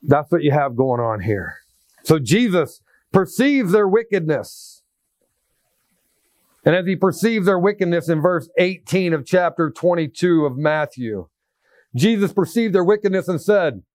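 A man preaching a sermon as pastor, animated, acting out scripture quotes in different voices and laughing now and then. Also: fairly high pitch, measured pace, no room sound, studio quality.

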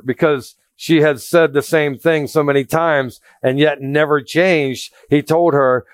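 A man's voice: a little high, a little slow, few pauses, no room sound. A man preaching a sermon as a pastor, blunt and conversational, telling stories with self-deprecating humor.

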